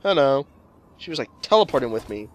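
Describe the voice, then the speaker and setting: A man's voice: mid-range voice, big pitch swings, fairly quick, a little hiss or hum. A man casually commenting on gameplay, jokey and rambling with lots of swearing. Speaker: let's play host.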